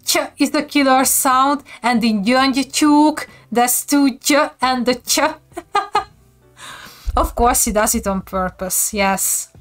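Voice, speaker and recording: Slow-talking Hungarian woman streamer. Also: high-pitched, soft background music. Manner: chatty, giggles often while explaining. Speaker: streamer teaching viewers. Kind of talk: casual live-stream language lesson.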